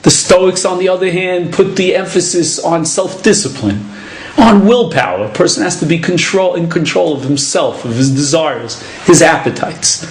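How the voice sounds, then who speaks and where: A rabbi delivers a measured, deliberate lecture, explaining each point step by step. His voice sits high for a man. The room is echoey and reverberant. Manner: measured, deliberate teaching delivery with Hebrew terms. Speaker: rabbi giving a Torah class.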